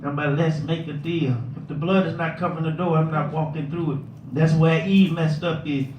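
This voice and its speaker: A male pastor preaching a sermon, rising into shouted, rhythmic climaxes. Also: on the high side, fairly even intonation, a little fast, roomy sound, far from the mic, lo-fi sound, a little hiss or hum. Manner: preaching that builds to shouted, sing-song climaxes.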